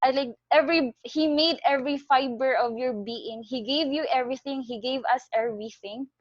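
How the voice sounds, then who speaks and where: A woman with a Filipino accent tells a parable and draws a sermon from it, earnest and expressive, now and then slipping into Taglish. Her voice sits fairly high. The recording is dry and close, with a dull, lo-fi sound. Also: moderate pace, no room sound. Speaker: Christian speaker on tithing. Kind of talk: storytelling sermon.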